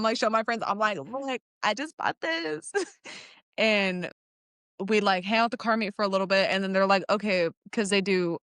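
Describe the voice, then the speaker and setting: A young woman in mid-story, chatty and animated, with laughs that keep breaking in. She acts out what each person said as she tells it. Her voice sits at an ordinary middle pitch and sounds close and dry, with no room around it. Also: clear, resonant tone, no room sound. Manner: animated, laughs often, acts out quoted lines. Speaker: guest telling her car story. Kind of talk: casual storytelling chat.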